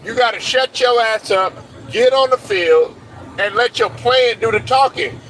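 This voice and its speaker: A man's voice: very high voice, measured pace, a bit bright, some chatter behind, a little hiss or hum, rough recording. Blunt, profane man ranting about sports. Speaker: sports commentary host. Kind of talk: opinionated sports rant.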